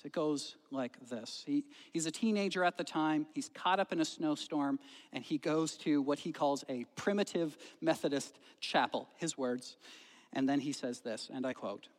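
A man preaching a sermon as pastor, telling a story and swinging between loud emphasis and hushed moments. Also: mid-range voice. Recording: long hall reverb.

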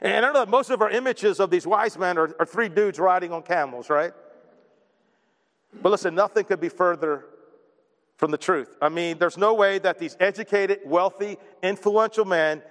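A man's voice: high voice, moderate pace, fairly bright tone, big-room sound. A man preaching a sermon, joking and poking fun at himself between points. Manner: joking, self-deprecating asides. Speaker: pastor.

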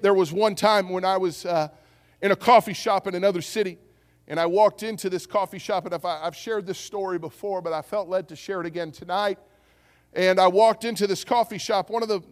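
A male pastor preaching a sermon, telling a story with lively acted-out voices. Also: high-pitched. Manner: animated storytelling, acts out voices. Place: church sanctuary. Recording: long reverb of a church hall.

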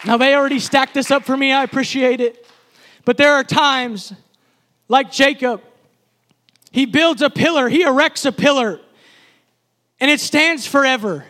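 Man preaching in a high, bright voice. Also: moderate pace, pauses often. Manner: impassioned preaching with repetitive, building phrases. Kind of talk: sermon. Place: church service.

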